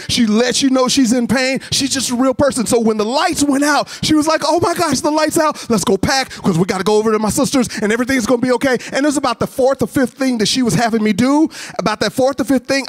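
A man with a high, light voice preaching at a college chapel. He tells his story with lots of animation and slips into the voices of the people in it as he goes. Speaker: chapel speaker. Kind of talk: storytelling sermon.

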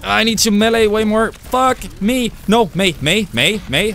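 A young man giving excitable live gameplay commentary, with loud outbursts and swearing. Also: sits high, measured pace. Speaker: gamer streamer.

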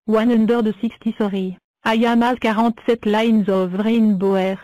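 Cartoon number block, female voice, higher pitched, very slow, dry. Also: dry recording, close to an everyday voice, low-quality recording. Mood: plain. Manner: slow, flat self-introductions. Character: cheerful talking number block.

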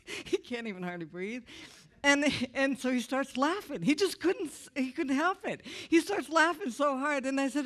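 A woman with an animated, humorous storytelling manner tells a personal testimony to a church audience. She moves through her story quickly and acts out the voices of the people in it. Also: high-pitched. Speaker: speaker giving a personal testimony. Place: church event before an audience.

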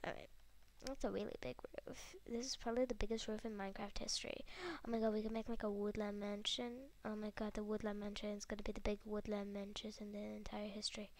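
A woman's voice: medium pitch, level tone, fast talker. A woman hosting a casual gameplay video, chatting to herself and her viewers with frequent giggles and whispered asides. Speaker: gaming video host.

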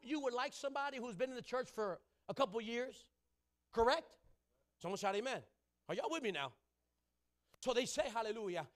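A young adult man preaching a rousing sermon, calling for the congregation to answer and often breaking into shouts. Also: high-pitched.

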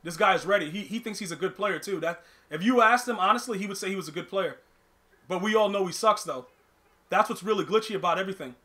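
High, bright-voiced ranting gamer guy. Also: fast. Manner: animated, ranting, repeats and restarts words, slangy. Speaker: gaming streamer. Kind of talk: live gameplay commentary.

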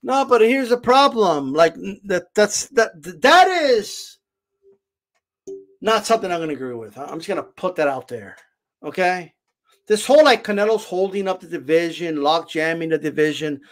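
Argumentative man, lively high voice. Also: moderate pace. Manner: argumentative, keeps repeating "right?". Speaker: channel host reacting to a clip. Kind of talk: heated reaction commentary.

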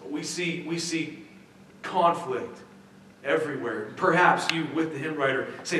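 A man's voice: fairly high pitch, measured pace, bright, forceful tone, a little hiss or hum. A man pastor giving a conversational sermon in a church, full of restarts and rhetorical questions. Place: church sanctuary. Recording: very echoey church hall, mic at a distance.

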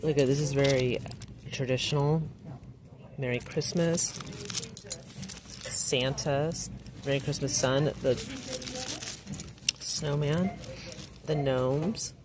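A woman's voice: a bass voice, fairly even intonation, slow, long pauses, background noise. A woman vlogging as she shops a store, chatty and gushing over what she finds, reading the greetings on cards aloud. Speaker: shopping vlogger. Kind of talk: casual shop-with-me narration. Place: inside a large store.

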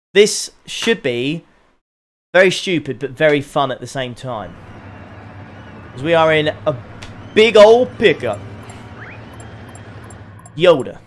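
A man commentating his own sim race on a live stream, excitable and chatting to his viewers. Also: on the high side. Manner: excitable, laughs often, chats to viewers.

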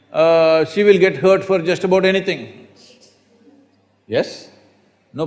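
A man's voice: a little high, a little mellow. Storytelling older man in an echoing hall. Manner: storytelling, asks the audience questions. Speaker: spiritual teacher. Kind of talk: spiritual talk to an audience. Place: hall with an audience.

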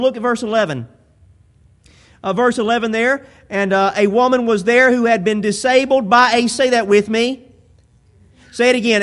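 A man preaching a sermon as pastor, repeating phrases and building into drawn-out, impassioned declarations. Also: sits high, fairly bright tone.

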